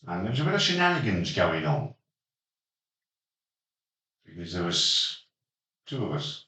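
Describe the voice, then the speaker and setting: Deep-voiced man, dry and teasing. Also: very animated, a little slow, pushed and bright. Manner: dry, teasing, chuckles often. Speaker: podcast host leading the discussion. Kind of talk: casual podcast chat. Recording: roomy, distant mic.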